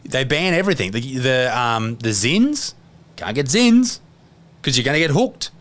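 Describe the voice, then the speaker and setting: An Australian man chatting on a podcast, loose and profane. His pitch swings widely as he talks, and he laughs easily. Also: normal speed. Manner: lively, swearing, laughs easily. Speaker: podcast host. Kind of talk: casual chat.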